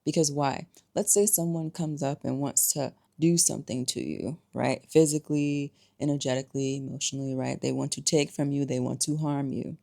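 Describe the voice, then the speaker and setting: Woman, low voice, gravelly, emphatic to-camera commentary, rhetorical questions. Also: fairly even intonation, brisk, hardly any pauses, mellow. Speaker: spiritual vlogger.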